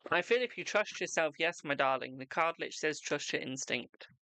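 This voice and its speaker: A man's voice: fairly high pitch, expressive, a little fast, pushed and bright, no room sound. A man hosting a live tarot reading stream, chatting casually with viewers and calling them darling and boo.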